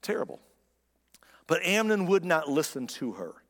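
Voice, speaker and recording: A man's voice: a little high, sing-song, moderate pace, fairly bright tone, in a large hall. A man preaching a sermon as pastor, talking to the congregation in a conversational, emphatic way and asking rhetorical questions.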